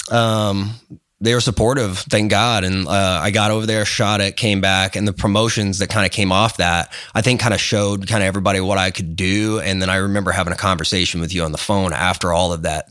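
Lowish-voiced and fast-talking, this guest photographer tells a long story on a podcast, captured cleanly in the studio with no room sound. It's casual interview storytelling, rambling with fillers and restarts as he animatedly acts out the other people.

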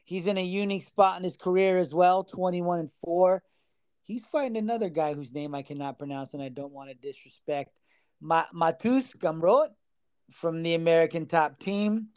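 A man's voice: a little high, moderate pace, a little mellow, smooth, no room sound. A man co-hosting a casual sports betting podcast, talking loosely, swearing freely and stumbling over fighters' names. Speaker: podcast co-host.

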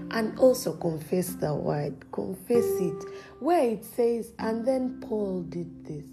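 A woman's voice: medium pitch, expressive, takes it slowly. Earnest woman giving spiritual encouragement. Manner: earnest, exhorting, laughs often, drops to near-whispers. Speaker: Christian podcast host. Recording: music playing behind.

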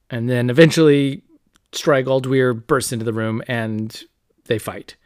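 A man hosting a podcast, casually retelling a novel and reading quotes aloud with lively asides. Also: mid-range voice, no room sound, clean studio sound. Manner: animated, reads quotes aloud, casual fillers. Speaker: podcast host. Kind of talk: casual book discussion.

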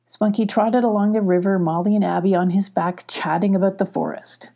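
A woman calmly reading a children's storybook aloud. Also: on the low side, gravelly. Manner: slow, calm, even. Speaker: audiobook reader. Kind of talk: storybook narration.

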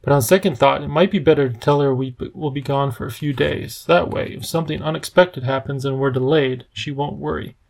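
A man voicing an earnest, worried older professor in a storybook reading, measured and grave, with a bitter edge. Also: medium pitch, steady tone, vocal fry, a little hiss or hum, lightly acted.

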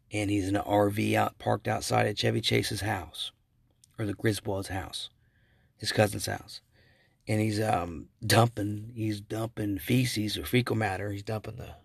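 A man's voice: fairly low pitch, creaky, no echo, studio quality. A man hosting a casual solo podcast, rambling through stories with self-corrections and chuckles. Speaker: podcast host.

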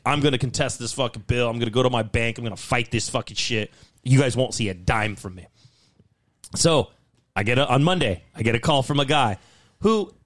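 Profane, animated man ranting. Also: medium pitch. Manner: profane, animated, heated storytelling. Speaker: podcast host. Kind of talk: casual ranting story.

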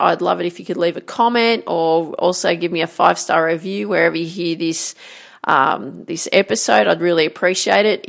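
Gravelly woman coaching earnestly. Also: lowish voice, fairly bright tone. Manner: earnest, encouraging, repeats key phrases. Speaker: podcast host and golf coach. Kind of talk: motivational podcast talk.

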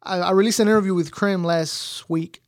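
A man with a high voice hosting a casual interview. His questions ramble and restart as he goes. The sound is dry and close. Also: steady tone, moderate pace, no room sound. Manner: rambling, hesitant, full of restarts. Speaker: interview host.

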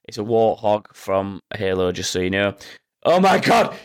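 A man's voice: lowish voice, sing-song, moderate pace, clear, resonant tone. A man hosting a casual quiz with friends, reading out questions and making sarcastic, sweary asides. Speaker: quizmaster.

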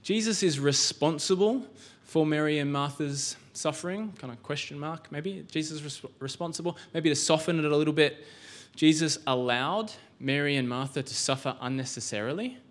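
A man's voice: fairly high pitch, normal speed, hardly any pauses. A male pastor giving a sermon in a church, conversational, with rhetorical questions and frequent restarts.

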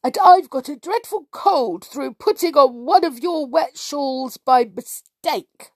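Ein nörgelnder kleiner Elf, von einer Frau gesprochen, etwas höher und langsam. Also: female voice, high voice, animated, slow, no echo, studio quality, pitched above the performer's own voice, exaggerated voice. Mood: grumbling. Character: complaining little elf.

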